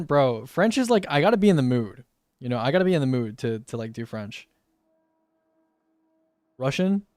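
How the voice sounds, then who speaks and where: A man's voice: a little high, dry recording. Laid-back young man streamer, dry sound. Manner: laid-back and slangy, often says "bro". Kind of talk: casual live-stream chat.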